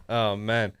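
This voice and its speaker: A man's voice: mid-range voice, clear, resonant tone, dry recording, clean studio sound. A man in his thirties co-hosting a podcast, teasing his friend in crude, casual banter and laughing often. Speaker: podcast co-host.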